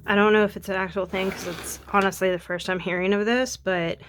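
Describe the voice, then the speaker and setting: Medium-pitched and brisk, this young woman's voice stays fairly even as she rambles self-deprecatingly while drawing for her art vlog. She sounds slightly sniffly from allergies, and there's a faint hiss or hum.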